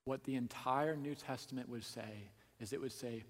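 A man preaching a sermon, asking the listeners direct questions and swinging between hushed asides and loud emphasis. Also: mid-range voice, normal speed. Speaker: pastor. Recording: long hall reverb.

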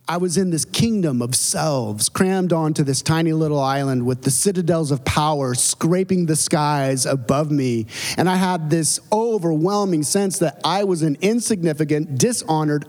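A pastor in his forties preaching a dramatic, storytelling sermon, his pitch rising and falling widely. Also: darkish tone. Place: church sanctuary. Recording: long reverb of a church hall.

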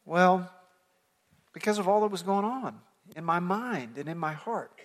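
A man from the United States preaching a sermon to his church, telling a story earnestly and rising to emphatic points before dropping soft. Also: sits high, very animated, normal speed, in a large hall. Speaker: pastor. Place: church sanctuary.

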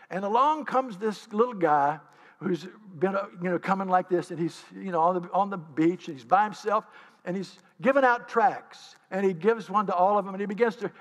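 Guy preaching, acts out his stories, echoey big hall sound. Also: high voice. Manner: animated storytelling, acting out scenes. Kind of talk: sermon storytelling.

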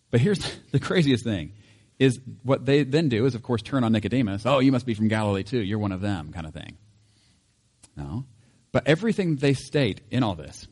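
A man reading scripture and then teaching in a relaxed, chatty way, laughing now and then. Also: mid-range voice, big-room sound. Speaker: pastor.

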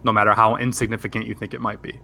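Man, bright tense voice, casual, direct questions, tabletop player. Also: lowish voice, little pitch movement, rapid-fire, vocal fry, slight background noise.

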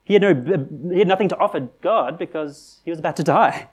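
A man's voice: high-pitched, fast talker, husky. Earnest male preacher, conversational sermon. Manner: earnest, rising to animated emphasis with rhetorical questions; conversational with frequent restarts and "right?".

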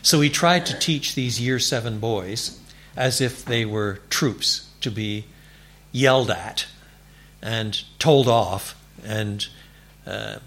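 A man preaching a sermon in a church, animated and building to emphatic declarations. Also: fairly low pitch. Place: church before a congregation.

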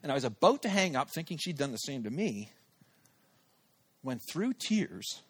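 A male pastor delivers a sermon in a theater church, acting out his own inner voice as he tells a story. His voice sits somewhat high for a man and swings widely in pitch, and his delivery is lively and expressive. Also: moderate pace, slightly rough. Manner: animated, acts out his own inner thoughts. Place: church service held in a theater.

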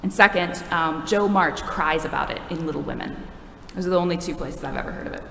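A woman's voice: sits low, brisk, creaky, pushed and bright, a little hiss or hum. A woman preaching a sermon in a conversational, wry, self-deprecating way. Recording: echoey hall from a distance.

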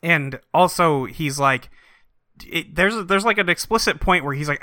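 A man's voice: a little high, normal speed, sharp tone, no room sound. A man co-hosting a podcast, recapping a book in a snarky, mocking, giggly way on a close mic. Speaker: podcast co-host. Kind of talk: comedic book recap chat.

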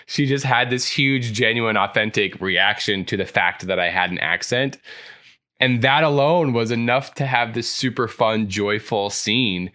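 A man's voice: medium pitch, a little slow, sharp tone. A man co-hosting a casual improv podcast, enthusiastic and talky, with lots of likes.

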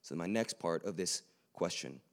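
A man's voice: sits low, animated, moderate pace, creaky. A man preaching a sermon to a live room, earnest and conversational, with joking asides to the audience.

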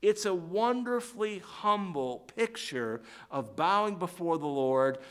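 A man preaching a sermon, halting with fillers and restarts, then rising to fervent emphasis when quoting scripture. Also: sits high, expressive, smooth.

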